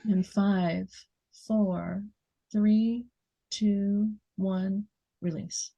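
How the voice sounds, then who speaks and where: Lady walking you thru a muscle relaxation, talks real slow and gentle, medium pitch. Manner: slow, soothing instructions with soft laughs. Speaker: relaxation guide. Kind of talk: guided muscle relaxation exercise.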